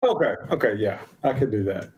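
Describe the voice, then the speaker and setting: A man joining a casual chat over a video call, telling a story in a halting way and often repeating words as he starts. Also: lowish voice, animated, slightly rough, lo-fi sound. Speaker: guest.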